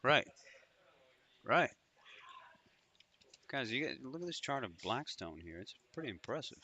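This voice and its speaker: A man's voice: mid-range voice, very animated, measured pace, pushed and bright. A man hosting a live trading stream, talking through charts in loose, profane, joking banter.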